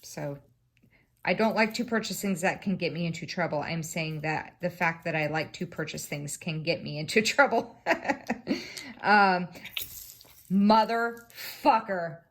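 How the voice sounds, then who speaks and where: A woman's voice: low voice, moderate pace, a bit bright. A woman, chatting casually to a camera on a stand while she crafts, rambling and swearing freely. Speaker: craft vlogger.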